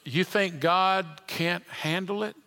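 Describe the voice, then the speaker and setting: A man preaching a sermon in a church, swinging from loud emphatic lines down to hushed, almost whispered endings. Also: high-pitched, fairly even intonation, slow. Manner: dynamic preaching, rising loud then dropping to near whisper. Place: church sanctuary. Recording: long hall reverb.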